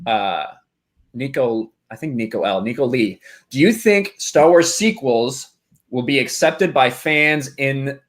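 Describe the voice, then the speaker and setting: A man's voice: medium pitch, lively intonation, measured pace. A man hosting a charity live stream with a mid-range voice. He reads out donations and thanks people in an easygoing, slightly hesitant way. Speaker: host.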